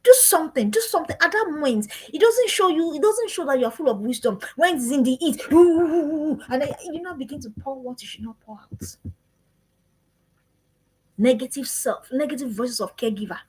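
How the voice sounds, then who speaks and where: A woman's voice: high-pitched, lively intonation, normal speed, rough recording. A woman giving an earnest parenting talk, repeating her questions in a preaching cadence. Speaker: parenting speaker. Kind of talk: live-streamed parenting talk.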